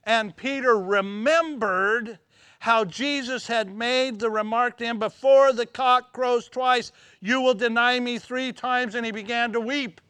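A man preaching a sermon, acting out scenes dramatically and dropping to hushed tones at emotional moments. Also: extremely high pitch, steady tone, measured pace, smooth, no room sound, studio quality. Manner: dramatic, swings from loud exclamations to hushed near-whispers.

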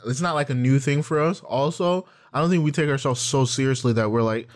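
A man's voice: mid-range voice, a little fast. Laughing young man in loose chat. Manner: loose, laughing, profane storytelling with acted quotes. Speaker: podcast co-host. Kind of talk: casual chat.

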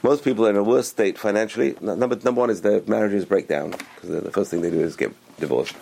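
A man's voice: on the low side, quick pace, gravelly, mellow, husky. A man giving a spoken religious talk as a teacher, enthusiastic and repeating words for emphasis.

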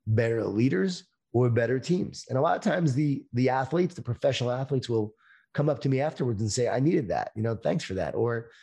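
A middle-aged man speaking as an interview guest, talking about leadership in a slow, emphatic motivational way over a video call. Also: medium pitch, animated, gravelly, mellow, breathy edge.

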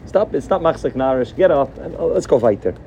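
A man voicing a calm rebbe who gently tells a woman to get up and move on, in a reassuring manner. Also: medium pitch, a little fast, a little hiss or hum, close to an everyday voice.

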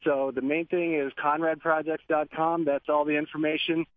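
A man's voice: on the high side, level tone, normal speed. Guy guesting on a radio show, earnest, promoting stuff, sounds like over the phone, no room echo. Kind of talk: casual radio interview. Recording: dry, tinny phone line.

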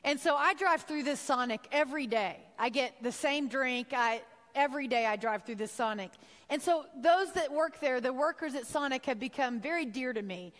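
A woman's voice: high-pitched, normal speed, fairly bright tone, big-room sound. A woman from Texas giving a heartfelt sermon-style talk, telling a personal story and acting out her own thoughts. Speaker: speaker giving a devotional talk.

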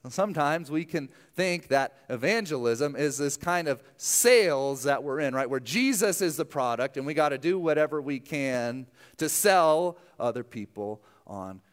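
A man's voice: fairly high pitch, lively intonation, moderate pace, hardly any pauses. Casting: young adult man, pastor, easygoing sermon delivery with plenty of asides. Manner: conversational, self-deprecating, many asides.

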